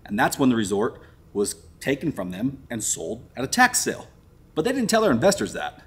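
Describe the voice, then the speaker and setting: A man hosting an exploring vlog, telling a story in an excited, casual way and saying "dude" a lot. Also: mid-range voice, brisk, husky. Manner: excited, storytelling, says "dude" and "crazy" often. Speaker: vlogger host. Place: abandoned resort building, indoors.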